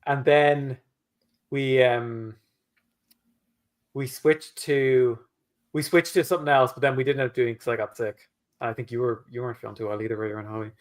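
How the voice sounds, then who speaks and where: A man's voice: medium pitch, steady tone, moderate pace, pauses often. A man hosting a live writing stream, chatting casually and rambling in loose, half-finished sentences. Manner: easygoing, rambling, trails off mid-sentence. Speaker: livestream host. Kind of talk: casual chat.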